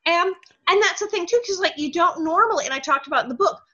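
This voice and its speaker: A woman in her sixties, a guest and former child actor, telling lively anecdotes with laughter. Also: extremely high pitch, fast, muffled recording. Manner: animated, laughing, voices quotes. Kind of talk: anecdotal storytelling.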